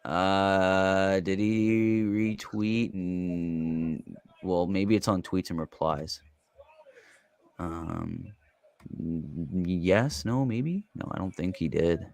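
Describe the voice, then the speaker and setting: A man hosting a live watch party, reacting in an excitable, casual way and swearing now and then. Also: deep voice, smooth, dry recording. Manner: excitable, swears, quick exclamations.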